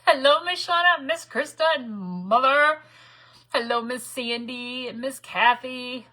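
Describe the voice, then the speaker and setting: Bright, husky-voiced woman hosting a craft livestream. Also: high-pitched, a little slow. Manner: chatty, greets viewers by name, laughs often. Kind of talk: casual live-stream chat. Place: craft room at home.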